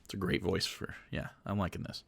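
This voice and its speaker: A man's voice: deep voice, little pitch movement, a little fast, gravelly, slightly rough, dry recording, clean studio sound. A man streaming live who mocks a clip in casual, profane commentary. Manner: mocking, profane, swings between jokes and asides.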